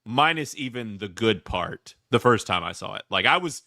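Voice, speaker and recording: A man with a Southern US accent, hosting a casual movie review chat, animated and rambling with lots of restarts. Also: on the low side, fairly quick, no room sound, studio quality. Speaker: podcast host.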